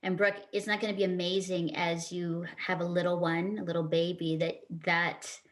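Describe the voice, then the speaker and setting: A woman's voice: fairly low pitch, little pitch movement, moderate pace. A woman hosting a faith talk show, asking heartfelt questions and affirming her guests earnestly. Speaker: host.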